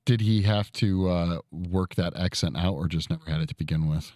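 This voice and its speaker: Low-voiced laid-back male streamer. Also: normal speed, darkish tone, no room sound, clean studio sound. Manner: laid-back, chuckles often, trails off. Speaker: streamer host. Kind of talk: casual chat while sculpting. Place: home studio.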